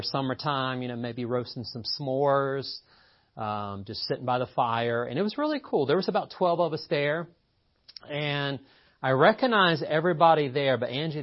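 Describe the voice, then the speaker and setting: A man from Appalachia preaching a conversational sermon, telling stories and joking with his guests. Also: mid-range voice. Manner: folksy, storytelling, jokes with guests. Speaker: pastor. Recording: slightly muffled recording.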